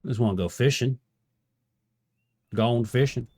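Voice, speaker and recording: Streamer type: young guy, goofy and jokey, mid-pitched voice, chatty off-the-cuff commentary. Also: unhurried, dark tone. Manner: goofy, jokey, does animal noises. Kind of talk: casual gameplay commentary.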